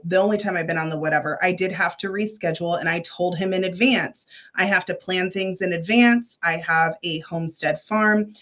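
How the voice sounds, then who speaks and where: A woman's voice: mid-range voice, dull audio. A woman streamer giving casual, indignant commentary with frequent laughs. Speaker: streamer reacting to a clip.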